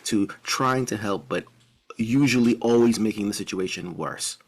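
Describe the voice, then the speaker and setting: A man as a podcast guest, thinking aloud in casual chat, pausing with many fillers. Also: lowish voice, slightly rough. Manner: thoughtful, hesitant with fillers.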